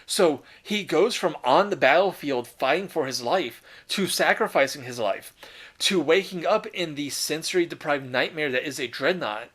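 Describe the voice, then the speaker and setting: A man talks through a casual commentary video with enthusiasm and slangy, unfiltered phrasing. His voice sits a little above the typical male pitch. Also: fairly bright tone. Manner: enthusiastic, casual, swears and laughs.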